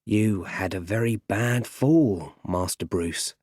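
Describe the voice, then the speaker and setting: A loyal male butler speaking calmly and patiently, read by a male audiobook narrator. He talks slowly, close to a dry microphone. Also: lowish voice, breathy edge, no echo. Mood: gentle. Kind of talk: audiobook character reading.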